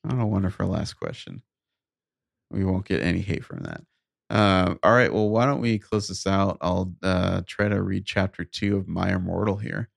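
A man's voice: low-pitched, lively intonation, moderate pace, creaky, no room sound. A man co-hosting a casual podcast chat, making dry, wry jokes. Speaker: podcast co-host. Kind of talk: casual chat and mock reading.

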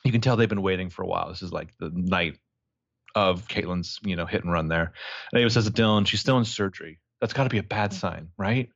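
A podcast co-host with a deep voice and vocal fry talks fast in a casual, animated chat, joking and laughing as he goes. There's no room sound, and the highs are cut off.

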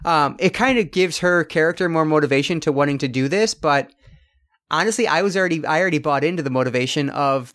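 This man co-hosts a casual film review podcast, wandering through his thoughts with frequent fillers and false starts. He talks fast in a high, fairly bright voice.

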